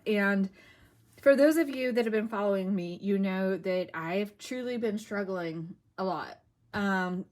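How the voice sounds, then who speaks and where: Chatty woman hosting a crafting vlog. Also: mid-range voice. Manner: chatty and self-deprecating, with many fillers. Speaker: crafting channel host. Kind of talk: casual crafting flip-through vlog.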